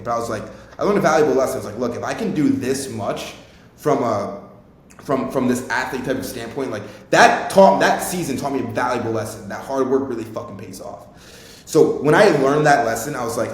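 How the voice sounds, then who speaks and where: A young man in his twenties, a podcast host telling a rambling, informal personal story and swearing freely. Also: quick pace. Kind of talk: casual storytelling. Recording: very echoey room, faint rumble.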